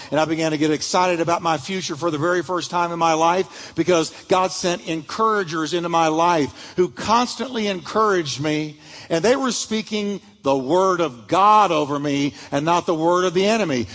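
A man's voice: a little high, fairly bright tone, long reverb tail. A male pastor preaching a sermon, telling stories with animation and acting out the voices of the people he quotes.

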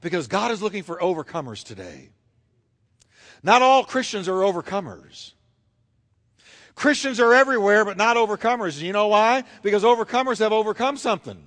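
A man's voice: sits high, lively intonation, brisk, a bit bright. A man preaching a fervent sermon, driving his points home with repeated rhetorical questions.

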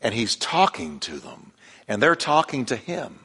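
Animated preaching man, church echo. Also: medium pitch, a little slow, breathy edge. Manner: animated storytelling, acts out quoted voices. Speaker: pastor. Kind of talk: sermon. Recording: long hall reverb.

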